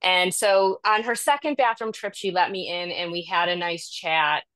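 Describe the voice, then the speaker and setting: A woman's voice: fairly low pitch, normal speed, dry recording. Rambling woman caregiver on a video call. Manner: rambling, self-deprecating, animated. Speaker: caregiver sharing in a support group. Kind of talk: candid personal story in a video call group.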